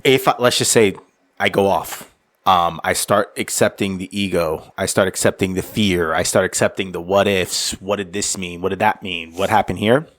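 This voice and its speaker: A man's voice: low voice, normal speed. A man co-hosting a casual podcast, joking and swearing as he acts out his own thoughts. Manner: profane, jokey, animated storyteller who reenacts his own thoughts. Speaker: podcast co-host.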